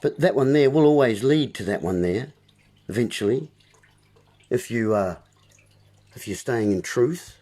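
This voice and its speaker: A man's voice: mid-range voice, lively intonation, unhurried, long pauses, mellow. A man hosting a livestream, giving a rambling, preachy wordplay monologue with asides to his viewers. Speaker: livestream host.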